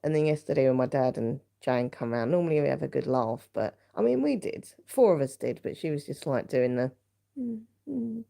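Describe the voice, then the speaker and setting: A woman rambling through a casual chat on her live stream. Her voice sits low with a gravelly fry running through it. The tone is mellow and dark. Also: expressive, brisk, hardly any pauses. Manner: rambling, chatty storytelling with many fillers. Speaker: vlogger hosting a live stream.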